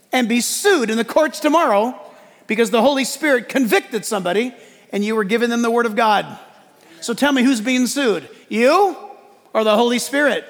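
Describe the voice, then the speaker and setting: A male pastor preaching a lively sermon in church, joking and acting out quotes as he goes. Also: very high voice, big-room sound. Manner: animated preaching with jokes and acted-out quotes.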